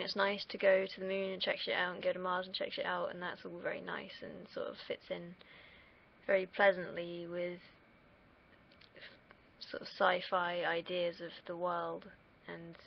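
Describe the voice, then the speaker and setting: Casual rambling stream chat from a young woman from the United Kingdom, whose low-leaning voice is creaky; she veers into tangents and swears now and then. The dull lo-fi mic carries slight background noise.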